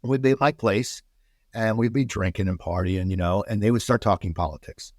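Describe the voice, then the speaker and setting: An American man, a podcast guest, chatting casually and telling animated stories full of restarts. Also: lowish voice, fairly quick, no echo, clean studio sound. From United States. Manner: animated storyteller, many restarts.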